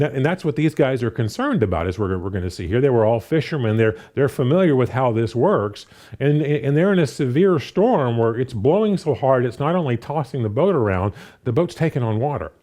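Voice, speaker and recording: A man preaching a sermon in a conversational way, reading scripture aloud, with frequent restarts and "you know" fillers. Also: medium pitch. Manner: reads scripture aloud and paraphrases it with animated voices.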